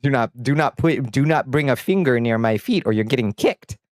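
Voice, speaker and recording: This streamer has a mid-range voice and talks fairly quickly and animatedly, recorded cleanly in a studio without echo. Casual on his livestream, he reads chat out loud and banters back with crude, blunt humor, laughing frequently.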